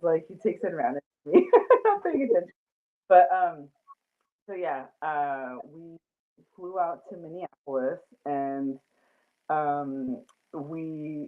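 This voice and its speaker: A woman hosting a casual chat, talking in a rambling way with many fillers and frequent laughs. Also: low-pitched. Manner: chatty, lots of fillers and laughter. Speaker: host. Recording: tinny phone-like line.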